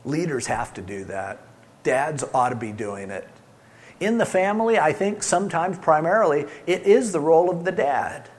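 A middle-aged man preaching a sermon, swinging between loud emphasis and soft, soothing asides. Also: on the high side, animated, normal speed, a little hiss or hum. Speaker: pastor.

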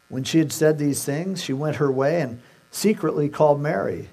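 A man's voice: a little high, moderate pace, creaky, dark tone. A male pastor preaching a sermon, retelling scripture conversationally and acting out the characters' words.

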